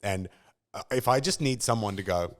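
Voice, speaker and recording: An Australian man, a guest on a podcast, chats casually and tells stories animatedly, acting out other people's lines. His voice is lowish and his pace moderate.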